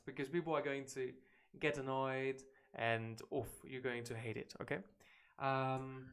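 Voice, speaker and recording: A man's voice: medium pitch, smooth. Spanish-speaking guy teaching english live, talks casual and blunt, swears a bit. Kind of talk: casual livestream lesson.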